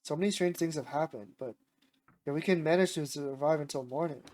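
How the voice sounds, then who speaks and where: A man's voice: fairly high pitch, brisk, darkish tone, poor audio. A man streaming himself reading a horror visual novel aloud, breaking off into nervous, jittery asides.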